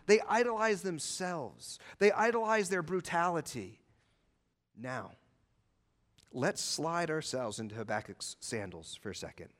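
A male pastor preaching a sermon, swinging between loud emphatic lines and hushed low ones. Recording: long hall reverb.

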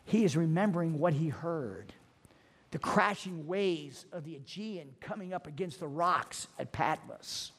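A middle-aged male pastor delivers a sermon in a fairly high voice. He tells stories in a loose, conversational way with many restarts, then reads scripture with strong emphasis. His voice carries a long reverb from a large church hall. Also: animated, measured pace, fairly bright tone, slightly rough. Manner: conversational storytelling with frequent restarts, rising to emphatic scripture reading.

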